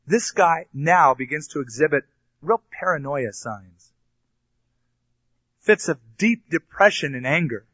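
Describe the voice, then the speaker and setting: A man's voice: a little high, animated, unhurried, pauses often, a bit bright, no echo. Male pastor, expository sermon, mixes scripture reading with plain-spoken asides; dry, slightly muffled recording. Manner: reads scripture then explains it in plain, colloquial asides.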